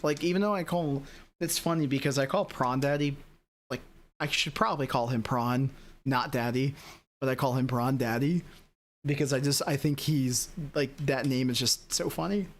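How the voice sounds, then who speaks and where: A man's voice: medium pitch, fairly even intonation, moderate pace. A man streaming sim racing, chatting casually and rambling to his viewers with lots of fillers. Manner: rambling, talks straight to chat with lots of fillers. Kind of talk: casual live-stream chat.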